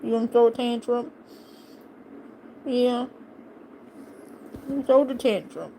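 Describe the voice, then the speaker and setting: A woman on a casual live stream who playfully teases her pet. She talks in a fairly high voice and at a very slow, unhurried pace. A faint ambient hum runs underneath. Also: gravelly, dark tone.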